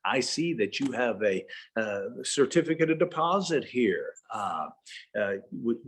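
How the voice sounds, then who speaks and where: A man's voice: medium pitch, sing-song, a little slow, husky, full character voice. A man voicing an eager male bank vice president who talks like a salesman, in a told story.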